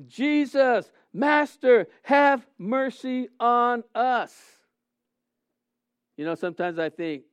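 A middle-aged man preaching a sermon as a pastor, earnest, swinging between soft and loud with frequent restarts. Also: high voice, smooth, no echo, highs cut off.

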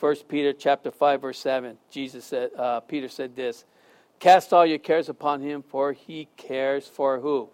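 A pastor with a smooth, mid-range voice preaches a little slowly, livening his sermon with stories and jokes and putting questions to the congregation.

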